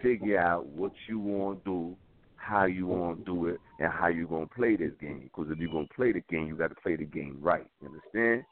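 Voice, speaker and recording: A man's voice: low-pitched, brisk. A man co-hosting a call-in talk show, blunt and repetitive, talking in street slang. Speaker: co-host. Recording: tinny phone line.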